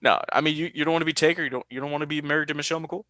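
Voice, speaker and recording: A young man hosts a casual podcast, bright and forceful in tone. He tells stories with animation, often jumping up high to act out what others said. The sound is dry and close, with no room around it. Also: very fast, no echo. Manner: animated storytelling, high-pitched quoted voices. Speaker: podcast host.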